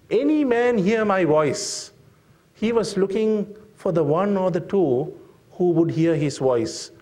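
A man preaching a sermon, slow and deliberate, with frequent fillers and emphatic rhetorical questions to the congregation. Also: a little high, a little mellow.

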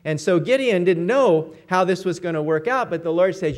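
A man's voice: high-pitched, animated, normal speed, few pauses. A man preaching a sermon, retelling stories and briefly acting out the quoted lines.

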